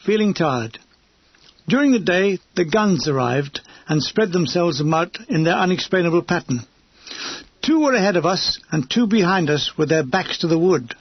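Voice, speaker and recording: Male audiobook narrator, wry and dry, husky, in a dull, dry recording. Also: high-pitched, expressive, normal speed, no room sound. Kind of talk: audiobook reading of a war memoir.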